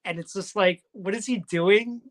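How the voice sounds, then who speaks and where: A man's voice: sits high, moderate pace. A man co-hosting a casual wrestling recap, rambling and joking and correcting himself as he goes. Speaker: podcast co-host.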